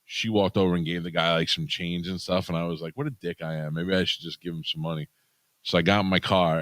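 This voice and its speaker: A man with a low, deep voice tells a story in loose, profane chat. He speaks into a close mic in a dead-dry room, and his delivery stays animated and blunt. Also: dry recording. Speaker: podcast co-host.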